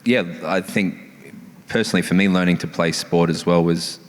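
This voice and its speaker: An Australian man hosting an on-stage interview, jokey and halting, full of restarts. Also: low voice. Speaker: interviewer host. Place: large town hall ballroom. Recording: long reverb of a large hall.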